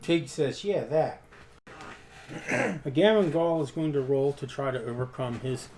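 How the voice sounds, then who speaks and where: A man's voice: mid-range voice, expressive, moderate pace, darkish tone, slight background noise. A man playing a tabletop role-playing game, talking in a hesitant, thinking-aloud way. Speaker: player. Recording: echoey room.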